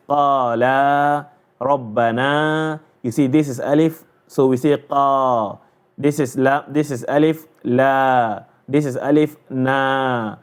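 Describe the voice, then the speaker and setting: A man teaching a recitation lesson, patiently repeating sounds slowly to demonstrate and checking in with "all right?". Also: medium pitch, a little mellow. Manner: frequent "all right?" check-ins and restarts. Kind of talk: explanatory lesson.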